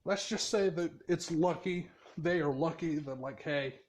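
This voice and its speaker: Male storyteller: slow, rambling, sweary, laughs a lot. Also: a little high. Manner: rambling, profane, laughs often. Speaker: fan storyteller. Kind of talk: casual storytelling.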